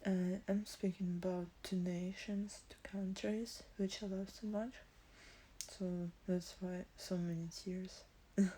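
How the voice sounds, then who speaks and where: A young woman talks on a live stream in a low, mellow voice, slow and unhurried. Her delivery is halting and hesitant, with many pauses to search for words. She sounds emotional and on the edge of tears, and her pitch stays flat. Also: a little hiss or hum. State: emotional, teary. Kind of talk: casual live stream talk.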